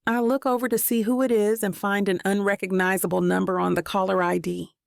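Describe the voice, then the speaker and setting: A woman's voice: medium pitch, flat delivery, a little fast, creaky, no room sound, clean studio sound. A woman narrating a first-person romance audiobook in an intimate, reflective manner.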